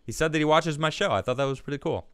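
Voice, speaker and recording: A man's voice: a little high, very fast, fairly bright tone, smooth, no room sound. A man hosting a live stream, chatting casually and reading viewer messages aloud, laughing easily and restarting his sentences. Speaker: livestream show host.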